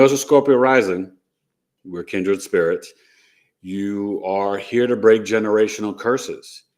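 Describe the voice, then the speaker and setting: A man with a fairly low voice hosts a relaxed astrology talk. He rambles from point to point and keeps checking in with a quick "right?". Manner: rambling, tags sentences with "right?". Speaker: astrology show host. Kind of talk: casual live-stream talk.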